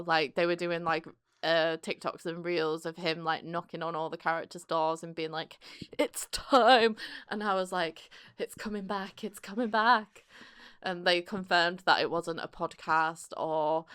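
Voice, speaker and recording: A young woman co-hosting a podcast, chatting casually and agreeably, quick to laugh. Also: low-pitched, a bit bright, clean tone. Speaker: podcast co-host. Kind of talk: casual chat.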